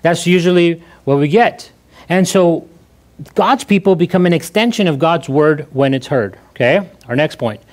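Conversational pastor with a high-pitched voice. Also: male voice, normal speed, darkish tone. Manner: conversational, repeats key phrases, frequent restarts. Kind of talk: sermon. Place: church.

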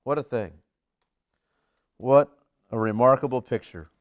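A man preaching a sermon in an earnest, emphatic manner, swinging between loud stresses and quiet asides. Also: unhurried. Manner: earnest, emphatic, lively swings in pitch and loudness.

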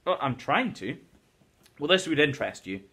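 A man voicing an eager, hesitant wealthy 1920s gentleman during a classroom read-aloud, coaxing and fond of saying "old sport". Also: fairly high pitch, sing-song, normal speed, gravelly, breathy edge, full character voice. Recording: teacher's recorded lesson video.

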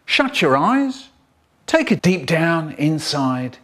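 A man spins comic stories with an expressive, animated delivery. His pitch sits a touch high and swoops widely, and he takes his time over every line. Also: takes it slowly, noisy background. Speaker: storyteller. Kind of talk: comic storytelling, spliced edit.

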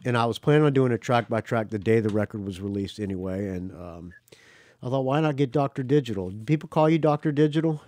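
A man's voice: fairly low pitch, fast, darkish tone, dry recording. A man hosting a podcast in casual chat, rambling and teasing his guest. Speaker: podcast host.

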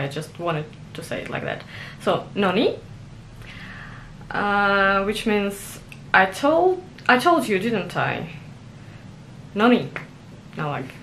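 A woman's voice: medium pitch, fairly bright tone, a little hiss or hum. A young adult woman vlogging about learning a language, self-conscious and giggly, with many fillers and restarts. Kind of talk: casual vlog monologue.

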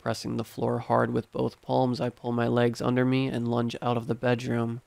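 Man, horror story narrator, measured and steady, gravelly fry, smooth resonant tone. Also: mid-range voice, no room sound.

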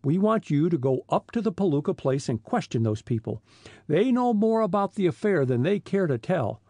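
An impatient teenage boy detective in an old adventure storybook, quick to needle adults, as a man voices him. The voice is lively with a husky grain, recorded dry and close. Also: on the high side, no room sound, pitched above the performer's own voice. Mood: pressing. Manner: pushy, sarcastic.

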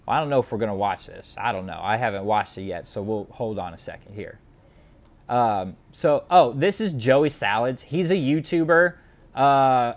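A man giving satirical reaction commentary on a video clip. He sounds mock-outraged and sarcastic, and his pitch swoops up and down. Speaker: YouTube commentator.

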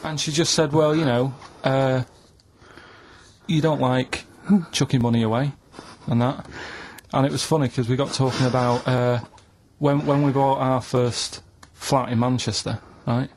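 A man tells a rambling story in flat, deadpan radio banter. His voice sits at an ordinary pitch, and a faint hiss runs under the studio sound. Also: unhurried. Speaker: radio show regular.

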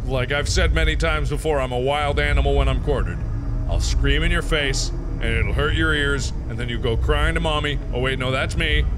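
A man playing a horror game who screams, swears and panics, then settles into calm musing. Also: mid-range voice, very noisy. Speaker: let's play host.

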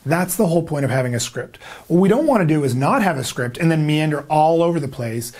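A man giving a sales training lesson, emphatic and energetic, acting out prospects' replies. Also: a little high, quick pace. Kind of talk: instructional talk to camera.

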